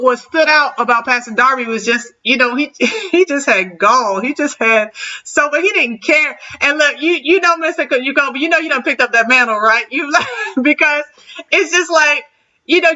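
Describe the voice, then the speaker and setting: A woman on a panel chatting casually, lively and laughing often, with preacher-like emphasis. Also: high-pitched. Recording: distant dull-sounding mic.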